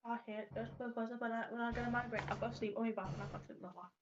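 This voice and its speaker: A woman's voice: a little high, steady tone, racing. A woman co-hosting a podcast, chatting casually and telling stories with acted-out quotes. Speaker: podcast co-host. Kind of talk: casual chat. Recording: dull lo-fi mic with faint noise.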